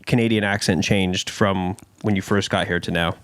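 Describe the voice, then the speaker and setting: A man's voice: sits low, steady tone, moderate pace, a bit bright, smooth, dry recording, clean studio sound. A man co-hosting a podcast, asking wordy, probing questions in casual chat. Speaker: podcast co-host.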